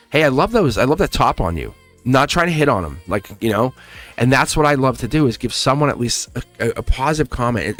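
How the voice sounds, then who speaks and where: A man giving a casual, animated live tarot reading to a viewer, chatty and encouraging, with the odd swear word. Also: medium pitch. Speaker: tarot reader.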